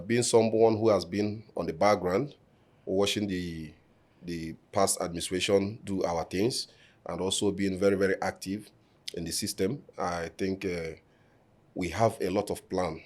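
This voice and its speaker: A man with a low, deep voice speaks in a measured, formal way, pausing on fillers as he lays out his points. He sits in a podcast studio answering an interviewer. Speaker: election candidate.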